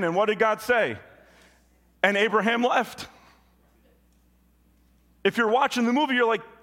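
A male pastor preaching a sermon, telling a story with big swings from loud and high to low and quiet. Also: normal speed, pauses often. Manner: animated storytelling with sudden jumps in pitch and volume; drops low and quiet on solemn points.

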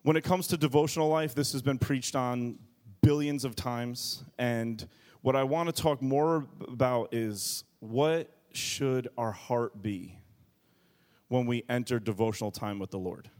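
A man's voice: medium pitch, a little slow, a little mellow. A man in his thirties preaching a sermon to a congregation, telling a family story in a joking, conversational way. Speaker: pastor.

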